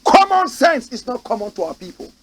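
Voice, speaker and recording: A man with a Ghanaian English accent, a host delivering impassioned political commentary in a studio, swinging between shouting and low muttering. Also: big pitch swings, brisk, poor audio. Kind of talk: impassioned talk-show commentary.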